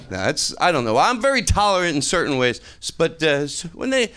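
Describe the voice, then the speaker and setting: A man's voice: a little high, very animated, fairly quick, bright, forceful tone, clean tone. A man doing an improvised stand-up set on a club stage, rambling and correcting himself as he acts out other people. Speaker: stand-up comedian. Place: comedy club stage with audience. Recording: live club, faint crowd and noise.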